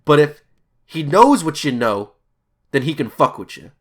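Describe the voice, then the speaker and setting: A man voicing a gruff middle-aged male coworker who gives blunt, swearing life advice in a loud, emphatic voice. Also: on the high side, big pitch swings, unhurried, pitched above the performer's own voice. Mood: preachy.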